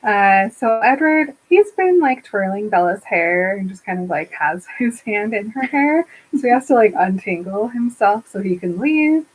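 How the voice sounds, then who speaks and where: A woman's voice: mid-range voice, animated, normal speed, low-quality recording. A woman co-hosting a podcast, casually retelling a book chapter and acting out the characters' lines with frequent laughs. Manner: retells scenes with quoted character voices, laughing often. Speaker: podcast co-host. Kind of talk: casual book recap chat.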